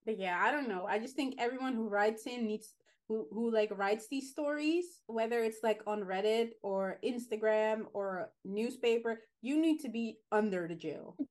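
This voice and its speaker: A woman co-hosting a casual podcast, ranting in an animated, dramatic way about advice posts. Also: on the high side, moderate pace. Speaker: podcast co-host.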